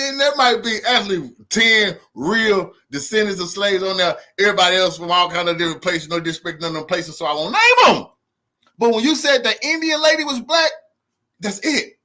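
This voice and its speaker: A man with a high, bright voice that swings widely in pitch. He talks back to news clips in a heated, mocking, profane way and laughs often. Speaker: commentary channel host.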